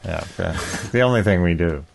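Joking man with a lowish voice. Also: normal speed, gravelly, background noise. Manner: joking, sarcastic, often laughing. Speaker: podcast host and songwriter. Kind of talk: casual chat.

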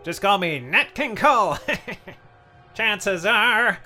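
This man's heavily acted, high-pitched voice is pushed and bright, with lively intonation, as he portrays a miserly tycoon in a radio comedy. He stays cheery, gleeful, and chirpy, laughing readily over soft background music.

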